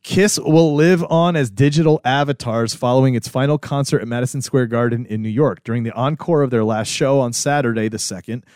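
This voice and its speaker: A man's voice: mid-range voice, brisk, hardly any pauses, a little mellow, no echo. Man, podcast co-host, casual chat, teasing, dry close sound. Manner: laid-back, swears casually, teasing. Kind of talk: casual chat among friends.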